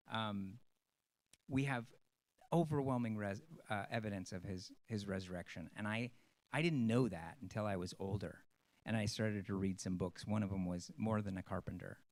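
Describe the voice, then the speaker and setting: A man, a stage actor, giving an earnest, rambling personal talk to an audience, with many pauses and ums. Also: fairly low pitch.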